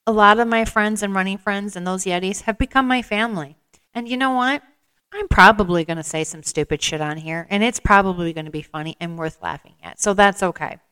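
A woman from the American Midwest hosts her own podcast in a loose, chatty monologue. She rambles candidly and jokes at her own expense. Her voice is smooth and resonant at a middle pitch. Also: a little fast, fairly bright tone. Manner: chatty, rambling, candid and self-deprecating, acts out quoted people in livelier voices. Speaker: podcast host. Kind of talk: casual storytelling monologue.

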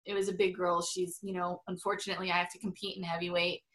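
A woman's voice: fairly low pitch, little pitch movement, fast talker, a bit bright. A middle-aged woman chatting as an interview guest, full of fillers and frequent laughs. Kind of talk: casual interview chat.

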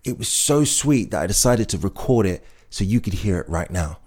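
A man hosting his own show, telling rambling comic stories in an animated way. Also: on the low side, moderate pace, slightly rough. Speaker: podcast host. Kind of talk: comic monologue.

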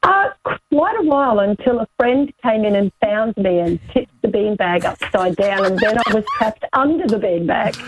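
A woman's voice: mid-range voice, expressive, normal speed, rough recording. A woman calling in to a radio show, telling her story in a laid-back, sheepish way. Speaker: caller. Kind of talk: phone-in chat.

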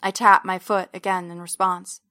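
Woman narrating a story in an even voice. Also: lowish voice, moderate pace. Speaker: audiobook narrator. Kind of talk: first-person fiction narration.

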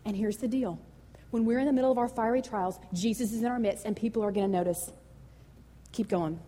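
Woman, pastor, sermon, animated conversational delivery, reverberant church hall. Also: fairly high pitch, brisk. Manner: animated, emotional, conversational preaching.

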